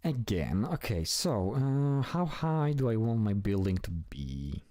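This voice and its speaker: A man's voice: on the low side, sing-song, unhurried, dark tone, dry recording, studio quality. A man giving casual, chatty commentary while he plays a building game, talking to himself and swearing now and then. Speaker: gameplay streamer.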